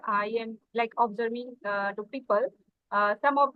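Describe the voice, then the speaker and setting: A woman asking questions in an English practice interview, halting and leaning on fillers like "you know". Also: on the high side, dry recording. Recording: dull, dry lo-fi sound.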